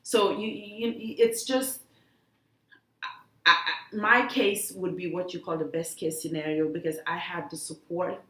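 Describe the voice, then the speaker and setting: Woman guest telling her story, earnest and halting, kinda roomy echo. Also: lowish voice, fairly even intonation, fairly bright tone. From The Gambia. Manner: earnest, halting, many restarts. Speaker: guest, cancer survivor. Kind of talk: emotional interview talk. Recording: echoey room.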